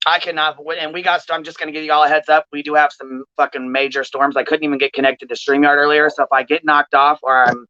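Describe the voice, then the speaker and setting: A woman's voice: sits low, fairly even intonation, quick pace, few pauses, bright, forceful tone, no echo. Furious, foul-mouthed woman ranting on stream. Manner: profane, heated ranting. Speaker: livestream commentary host. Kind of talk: angry livestream commentary. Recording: dull, dry lo-fi stream audio.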